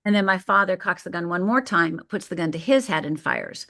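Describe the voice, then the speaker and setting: A middle-aged woman from Michigan tells her own story as a podcast guest. She speaks vividly and lets key moments land with deliberate pauses. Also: fairly low pitch, lively intonation, fairly bright tone. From Upper Peninsula of Michigan. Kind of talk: telling a personal story on a podcast.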